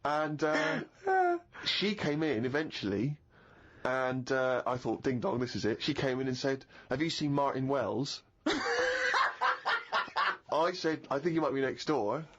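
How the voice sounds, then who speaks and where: A middle-aged man in easy podcast chat, spinning a long explanation or a sheepish tale about himself. His voice sits at an ordinary pitch and the audio is a touch dull. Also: big pitch swings, a little slow, slight background noise. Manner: explanatory, self-mocking storyteller. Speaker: podcast co-host. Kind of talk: casual chat.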